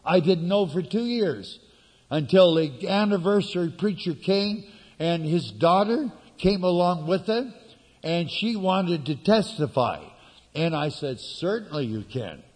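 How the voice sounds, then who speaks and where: A man preaching a sermon, telling a personal story with sudden shifts between loud outbursts and hushed asides. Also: high-pitched, expressive, a little slow, long reverb tail.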